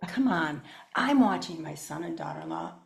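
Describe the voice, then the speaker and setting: A woman's voice: low-pitched, normal speed, creaky, roomy sound. An older woman, a guest specialist, telling personal stories in casual conversation and acting out the voices of people she quotes. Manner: animated, acts out quoted voices. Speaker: guest, child mental health specialist.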